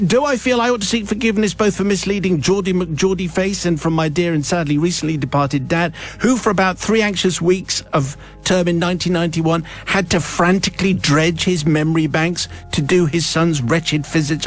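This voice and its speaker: A radio host reading a listener's confession aloud, with wry, theatrical storytelling and dry asides. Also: male voice, high-pitched, steady tone, moderate pace, hardly any pauses, faint music behind. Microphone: studio microphone.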